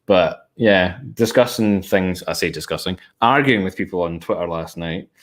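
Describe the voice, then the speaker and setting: Low voiced guy rambling on casually, lots of ums and swears. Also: normal speed. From Scotland. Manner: rambling, loose with filler words and swearing. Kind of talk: casual conversation.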